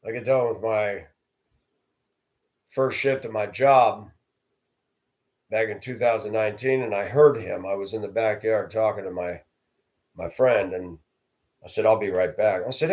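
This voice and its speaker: A middle-aged man from Denver telling personal stories in a casual monologue, acting out the quoted voices and getting loud in the tense parts. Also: fairly low pitch, a little slow, long pauses. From from Denver area. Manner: acts out quoted voices, rising loud for confrontations.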